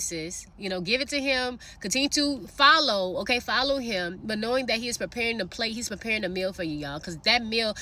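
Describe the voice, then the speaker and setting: Woman, fairly high voice, bright tone, chatty faith testimony, lots of fillers, talks straight to listeners. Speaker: faith vlogger sharing a prophetic word. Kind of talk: casual testimony and encouragement.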